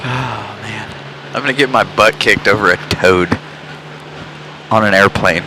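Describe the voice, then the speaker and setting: A man's voice: on the low side, slow, pauses often, noisy background. A Southern man hosting a casual live stream from a parking garage roof, joking with chat and laughing often. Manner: jokey, laughs often, self-mocking. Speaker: live-stream host plane spotting. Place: outdoors on top of a parking garage.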